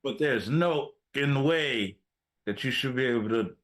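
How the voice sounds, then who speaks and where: A man in a relaxed movie-review chat whose pitch moves a lot as he talks. He adds quick reactions and jokes to his co-host's recap, laughing along. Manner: chimes in with short reactions and laughs. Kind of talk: casual chat.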